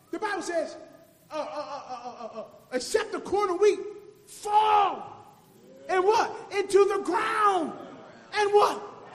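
A man preaching a call-and-response sermon, shouting and half-singing his lines. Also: very high-pitched. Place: church. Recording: echoey church hall with music and congregation.

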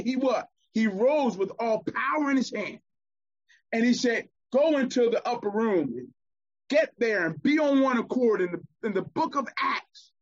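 Preacher, rousing sermon, calls out to the congregation, dull lo-fi recording. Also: mid-range voice. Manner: rousing, calls to the congregation, reads scripture aloud.

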